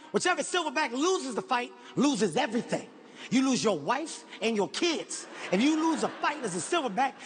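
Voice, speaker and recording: A man doing stand-up comedy, telling a profane story in an animated, shouting manner. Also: extremely high pitch, a little hiss or hum. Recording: live show with audience ambience.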